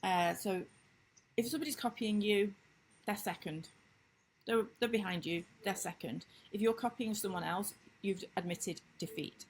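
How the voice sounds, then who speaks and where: A woman business coach in a casual talking-head vlog, recapping lessons with emphatic enthusiasm and sudden upward leaps in pitch. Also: normal speed, a little hiss or hum, rough recording. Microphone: computer screen-recording mic.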